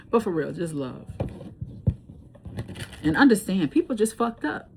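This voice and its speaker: A woman's voice: sits low, very animated, a little slow, long pauses, background noise. A woman tarot reader chatting casually to camera, telling stories with loose laughs and the odd swear word.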